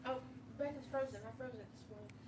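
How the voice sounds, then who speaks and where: A woman chatting casually on a livestream as co-host, quick to laugh. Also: on the high side, recorded from a distance. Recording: roomy, off-mic with room noise.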